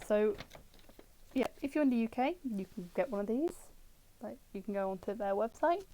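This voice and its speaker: A woman's voice: medium pitch, warm tone, rough recording. A British woman streaming from home, chatting casually as she looks through old books and answers her chat with jokes.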